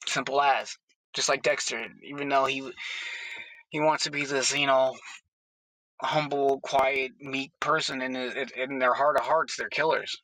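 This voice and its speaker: A man's voice: medium pitch, pushed and bright, no room sound, poor audio. A man in a casual, blunt and profane vlog monologue, recorded on a phone inside his car. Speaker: horror movie vlogger. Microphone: phone held away from the mouth.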